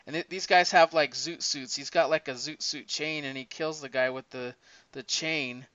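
Rambling storyteller man, smooth voice. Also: fairly high pitch, moderate pace, no echo. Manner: rambling, animated storyteller with frequent restarts and laughs. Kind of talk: casual chat. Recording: dull lo-fi recording.

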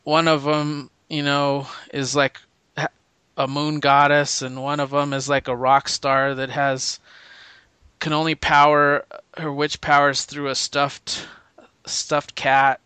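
A man's voice: a little high, completely flat delivery, takes it slowly, sharp tone, clear, resonant tone, no echo. A man co-hosting a podcast, chatting casually and enthusiastically, often laughing and restarting sentences. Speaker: podcast co-host. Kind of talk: casual chat.

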